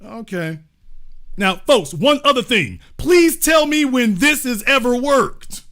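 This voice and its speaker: A man hosting a live stream with a high, lively voice that swings all over. His tone is bright and forceful. He jokes with his chat in slangy, casual talk and keeps breaking into acted-out scenes. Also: slow. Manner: animated, joking, acts out scenes with slangy asides to the chat. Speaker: host of a live-streamed commentary show.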